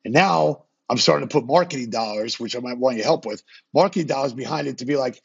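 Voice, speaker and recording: Gravelly, husky podcast host. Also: male voice, mid-range voice, dull audio. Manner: fast, slangy, swears freely. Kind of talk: casual interview chat.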